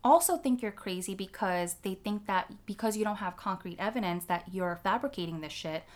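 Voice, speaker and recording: A woman's voice: mid-range voice, normal speed. A woman in casual chat, telling a personal story candidly and with lots of swearing and "like" fillers. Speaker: guest telling her story.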